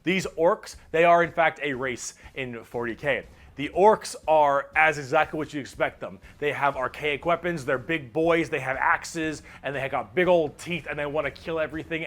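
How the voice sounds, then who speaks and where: A man with a slightly raised voice talks through his explainer with casual energy and a playful edge. He drops the odd swear word. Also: a little high. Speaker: video essay narrator.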